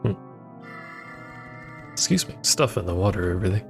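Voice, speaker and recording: A man's voice: sits low, expressive, normal speed, soft background music. A man streaming a video game, chatting casually with rambling, playful asides. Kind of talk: casual gameplay commentary.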